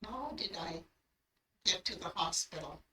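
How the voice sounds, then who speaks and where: An older woman recounts her own past with earnest feeling, bringing her remembered words to life. Her voice is bright and clear, and it comes from some way off in an echoey room. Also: lowish voice, expressive, measured pace, far from the mic, a little hiss or hum. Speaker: grandmother telling her life story. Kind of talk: personal storytelling.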